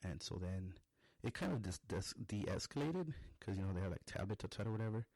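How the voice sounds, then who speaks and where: A man's voice: low-pitched, lively intonation, brisk, a little mellow, no echo. A young adult man on a podcast, telling a rambling, profane story in a casual monologue. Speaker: podcast host.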